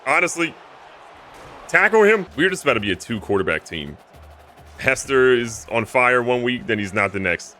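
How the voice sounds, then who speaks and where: Animated man doing game commentary. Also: normal speed, soft background music. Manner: animated, jokey, swings between loud outbursts and low mutters. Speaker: gaming YouTuber. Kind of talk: excitable video game commentary.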